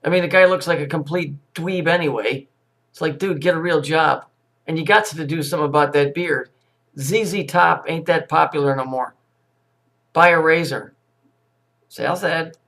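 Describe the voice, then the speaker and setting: A man ranting through a crude, mocking commentary on news clips. His voice sits a little high for a man, and he swears freely and jeers with sarcasm. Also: steady tone, moderate pace, fairly bright tone.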